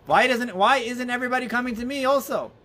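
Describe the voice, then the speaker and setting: A man voicing a puzzled, pleading man who asks rapid, plaintive questions in a quoted story. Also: extremely high pitch, pushed and bright, voice pushed up.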